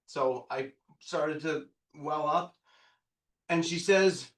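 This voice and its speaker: Leading a real estate training session before a live audience, a fifties-aged man gets excitable and loud, sometimes yelling, quizzing the room and cursing punchily. His voice is on the high side and he takes it slowly, recorded from afar in an echoey meeting room.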